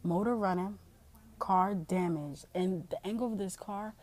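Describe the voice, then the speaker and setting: A woman's voice: medium pitch, a little slow, a little mellow. A young woman telling a personal story to camera in a rambling way, full of "like" and "you know". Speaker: vlogger.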